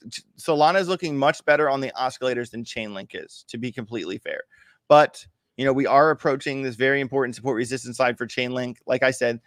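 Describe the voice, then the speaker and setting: A man's voice: mid-range voice, a bit bright, no room sound, studio quality. A man hosting a casual crypto trading livestream, walking viewers through charts in a chatty, hyped, joking way. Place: home, in Miami.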